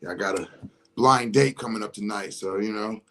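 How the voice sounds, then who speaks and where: A man's voice: moderate pace, a bit bright, slight background noise. A man voicing a nervous man at a restaurant waiting for a blind date. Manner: nervous, low and mumbling.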